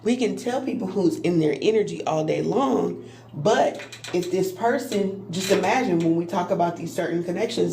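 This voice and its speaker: A woman who gives spiritual readings, teaching on a phone live stream in an earnest way, often checking in with "right?" and restarting her words. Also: medium pitch. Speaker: spiritual reader and Reiki healer.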